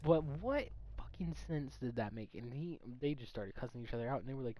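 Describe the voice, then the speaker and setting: A young man telling a story from his childhood in a casual, animated, profane way, in a noisy recording. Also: medium pitch, brisk. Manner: animated, profane, laughing at himself. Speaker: storytime vlogger.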